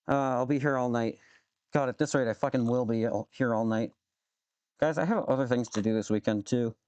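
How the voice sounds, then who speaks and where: A man's voice: mid-range voice, fairly quick, a little mellow, clean tone, no echo. A man live streaming as he works with his hands, muttering to himself, swearing freely and joking with his chat. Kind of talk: casual live-stream chat while working.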